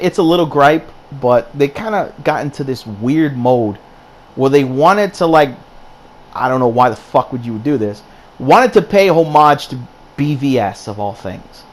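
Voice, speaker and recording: A man's voice: mid-range voice, a little hiss or hum. A man giving a casual spoken film review, ranting and swearing freely, often repeating and restarting his words.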